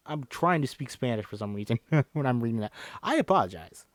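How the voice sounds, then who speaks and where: A man's voice: a little high, very animated, fairly quick, darkish tone, no room sound, clean studio sound. Stumbling man reading a script aloud. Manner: stumbling, self-correcting, apologetic. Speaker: script reader.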